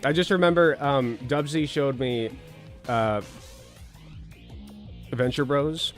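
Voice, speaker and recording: A man's voice: mid-range voice, slow pace, faint music behind. A man hosting casual political commentary, rambling with sarcastic, crude jokes and swearing.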